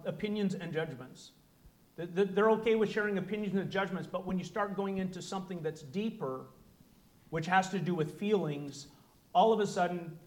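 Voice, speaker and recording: Presenter: man with a high, light voice, earnest and explanatory, speaking to a live audience. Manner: earnest, explanatory, acts out short dialogues. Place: room with an audience.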